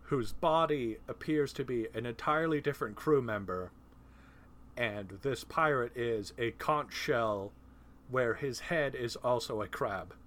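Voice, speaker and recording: Male host for a casual movie podcast; talks in an animated, chatty way and laughs easily. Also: mid-range voice, measured pace, slight background noise. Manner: animated, laughing, profane asides. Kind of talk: casual film discussion.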